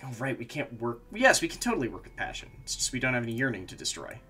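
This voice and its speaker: A man streams a game, muttering to himself as he plays and erupting into frustrated, swearing outbursts in casual commentary. His husky, sharp voice sits at medium pitch, swings widely in pitch, and moves at a quick pace.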